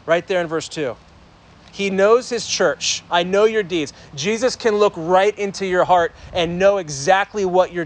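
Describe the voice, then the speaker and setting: A young adult man preaching a sermon to a congregation in a church, projecting his voice loudly to reach the back of the room. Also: sits high. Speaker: pastor.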